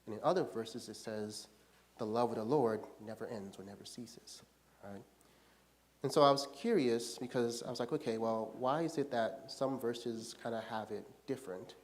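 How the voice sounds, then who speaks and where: A man's voice: mid-range voice, normal speed. A man leads a church Bible study in an easy, conversational way. He explains his points plainly and keeps checking in with the group by asking "right?". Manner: casual, often checks in with "right?".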